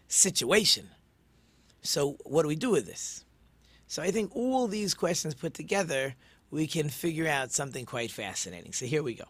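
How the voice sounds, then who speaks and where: A man's voice: on the high side, a bit bright, no room sound. A man leads an informal religious lesson in a somewhat raised register. He talks it through conversationally, full of rhetorical questions, ums and little restarts. The sound is dry and close. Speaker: Torah teacher.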